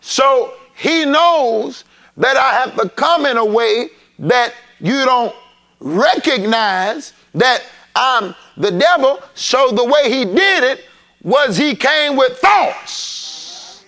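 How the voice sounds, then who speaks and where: Pastor, man, high and bright, slow call-and-response sermon delivery. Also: lively intonation. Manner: preachy, call-and-response, rising to shouts. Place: church sanctuary.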